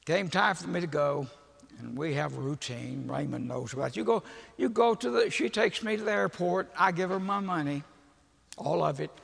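An older man, preaching as a folksy, animated storyteller who laughs at his own jokes. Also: a little high, moderate pace, creaky. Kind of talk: storytelling sermon. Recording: echoey hall with long reverb.

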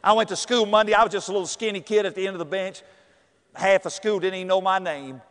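A middle-aged man, telling a personal story with animated acted-out voices and shouts. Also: high voice, fast, smooth, long reverb tail.

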